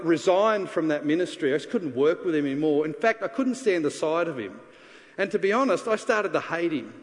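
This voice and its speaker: Here an earnest male pastor with a voice that sits high preaches in a church sanctuary. His sermon mixes personal testimony with an altar call, delivered confessionally before he goes hushed for prayer. Faint ambience fills the reverberant church hall.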